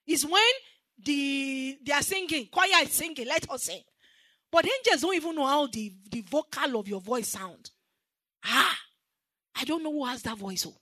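A woman with a Nigerian accent preaches a sermon in a high, lively voice. Her tone is bright and ringing, and she is recorded dry and close. She drives her points hard and has the congregation answer back. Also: dry recording. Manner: emphatic, call-and-response with the congregation.

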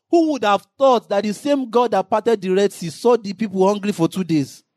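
Man, preacher, impassioned sermon, shouted emphasis, dry close sound. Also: sits high, dry recording.

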